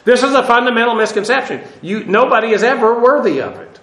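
A Bible teacher delivers a Bible study lecture in a noticeably high, fairly bright voice, with a roomy echo on the recording. He is expressive and talks fast, yet his delivery feels unhurried, peppered with "uh" and rhetorical questions.

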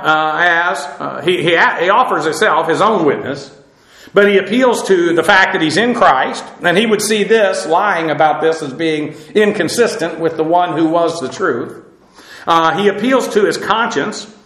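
A man's voice: sits high, sharp tone, roomy sound, low-quality recording. A man preaching a verse-by-verse sermon, earnest and emphatic, with frequent uhs and repeated words. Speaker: Bible teacher.

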